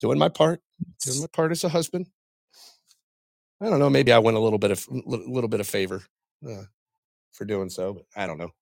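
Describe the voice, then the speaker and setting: A middle-aged man tells his faith testimony as a podcast guest, pausing and restarting often as he speaks from the heart. His mid-pitched voice has a gravelly, creaky edge. The sound is dry and close. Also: dry recording. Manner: halting and heartfelt, with frequent pauses and restarts.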